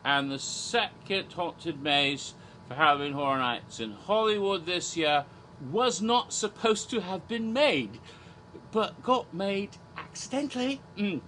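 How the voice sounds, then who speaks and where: A man's voice: fairly high pitch, lively intonation, a little slow, pushed and bright, a little hiss or hum. Man with a put-on British accent. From Asia. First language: American English. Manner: theatrical, silly asides, chuckling digressions. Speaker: horror theme park vlogger. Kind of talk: rambling casual commentary in a persona.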